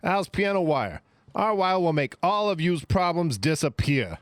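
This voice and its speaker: A man's voice: sing-song, unhurried, background noise. A man voicing a shady, cheery wire salesman in a spoof ad, with a put-on accent wandering between Canadian and Italian. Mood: cheery sly. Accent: put-on mix of Canadian and Italian. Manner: chirpy sales pitch with gangster slang. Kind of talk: parody radio ad.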